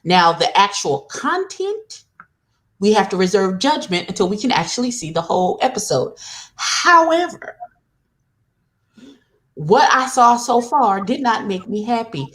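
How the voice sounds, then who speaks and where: A woman's voice: mid-range voice, very animated, moderate pace. A woman on an online panel, weighing a show's production and content and calling it out bluntly. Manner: blunt, sassy critique. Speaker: YouTube commentator on a panel. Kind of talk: casual critical panel discussion.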